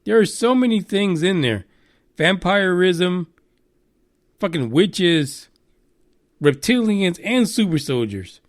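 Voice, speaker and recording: A man's voice: sits high, takes it slowly, pauses often, no echo, clean studio sound. A man hosting a live podcast in casual, joking chat, swearing freely and going off on tangents. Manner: profane, joking, animated. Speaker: podcast host.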